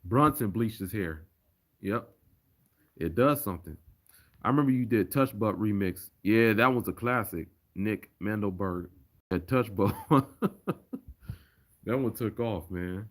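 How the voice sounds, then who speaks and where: A man's voice: fairly low pitch, unhurried. Chatty man reading viewer comments. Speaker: streamer. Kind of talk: casual livestream chat.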